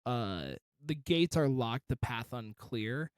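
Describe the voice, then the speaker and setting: A man's voice: medium pitch, expressive, slow, clean tone, dry recording. A man reviewing a song in casual commentary, encouraging and detailed about vocal technique.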